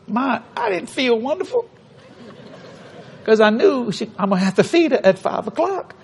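Brief: husky male preacher, lively storytelling sermon, fairly high voice. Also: normal speed. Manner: animated, humorous, acts out dialogue.

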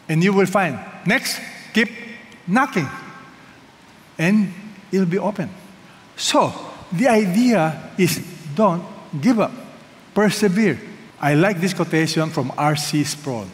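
A man's voice: a little high, lively intonation, slow pace, pauses often. A man preaching a sermon, emphatic and leading the congregation to repeat phrases after him. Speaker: pastor. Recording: reverberant hall with faint noise.

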